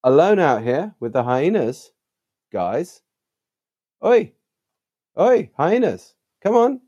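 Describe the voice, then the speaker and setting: A man's voice: fairly high pitch, sing-song, slow, warm tone, dull audio, pitched above the performer's own voice, heavily acted. A man voicing a frightened infant left alone in the wild, calling out in a mock-urgent, comic way. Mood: alarmed.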